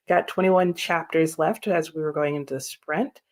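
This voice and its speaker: A woman's voice: fairly low pitch, unhurried, darkish tone. A woman hosting a live reading sprint stream, chatting casually and answering viewers' comments. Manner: chatty, laughs often, reads viewer comments aloud. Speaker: livestream host.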